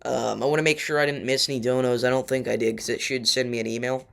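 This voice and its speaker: A young man hosts a casual livestream and talks straight to his viewers. His voice has a gravelly, fry-laden edge. He drifts between points with lots of fillers and pushes back on their takes. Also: mid-range voice, steady tone, quick pace. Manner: loose and chatty, many fillers, argues weather takes. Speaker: livestream host.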